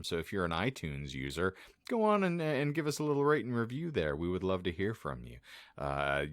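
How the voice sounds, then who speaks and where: A man's voice: on the low side, no room sound, clean studio sound. A man co-hosting a casual podcast, rambling with jokey mock-formal asides. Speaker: podcast co-host.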